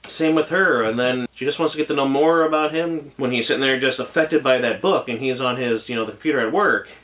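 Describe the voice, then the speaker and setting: A man's voice: mid-range voice, fairly quick, a bit bright. A man reviewing an anime episode in casual talk, gushing and emotional, rambling with many restarts and trailing thoughts.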